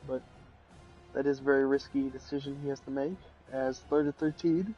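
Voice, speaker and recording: A young man casually commentating a football video game, rambling with restarts and sudden excited bursts. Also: medium pitch, a little fast, dull audio, faint music behind. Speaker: play-by-play commentator.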